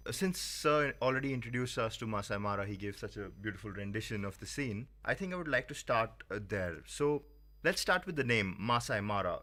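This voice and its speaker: Guy, studio guest, explaining stuff calmly, steady. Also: medium pitch. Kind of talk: explanatory talk.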